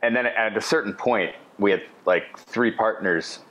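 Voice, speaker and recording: A middle-aged man spinning a long anecdote on a podcast, his voice sitting fairly low. He talks casually and with animation, slipping in chatty asides as he goes. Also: a little slow, a bit bright. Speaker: podcast guest. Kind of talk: casual storytelling.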